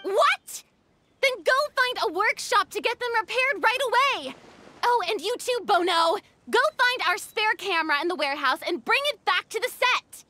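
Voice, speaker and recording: A woman voicing a vain, energetic young film director in a fan voice dub, talking in a bossy, theatrical way. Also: very high-pitched, moderate pace, few pauses, a little hiss or hum, full character voice. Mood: flustered.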